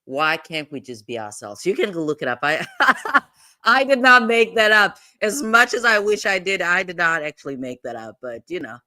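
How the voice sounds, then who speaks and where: A woman's voice: mid-range voice, sing-song, moderate pace, bright, forceful tone. A woman hosting a legal commentary livestream, rambling and digressive in casual talk, breaking into laughs often.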